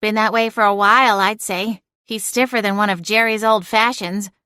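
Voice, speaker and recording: A woman's voice: mid-range voice, steady tone, normal speed, pushed and bright, clean tone, no room sound, close to an everyday voice. A woman voicing a sardonic female talking cat familiar with a dry, teasing, unbothered manner. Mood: wry.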